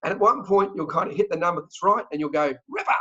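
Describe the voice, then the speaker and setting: An Australian man talking fast and joking as a travel company sales director in an interview. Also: high voice, pushed and bright. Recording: dull lo-fi audio.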